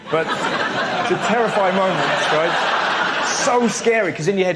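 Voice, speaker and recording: High-voiced man doing quick stand-up. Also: heavy background noise. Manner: rapid, animated delivery with voiced characters. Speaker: stand-up comedian on a panel show. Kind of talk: stand-up routine on a comedy panel show. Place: TV studio with a live audience.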